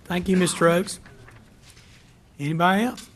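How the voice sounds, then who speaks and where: Firm meeting chairman, slightly high voice. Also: fairly even intonation, moderate pace, fairly bright tone, a little hiss or hum. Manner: firm, procedural. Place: county commission meeting room.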